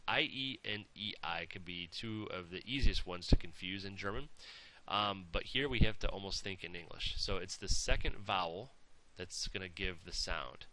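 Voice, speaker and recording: A man's voice: low-pitched, normal speed, few pauses, background noise. A man teaching pronunciation, patiently overemphasizing each sound in his demonstrations and checking in with "okay?" as he goes. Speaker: language teacher. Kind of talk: pronunciation lesson.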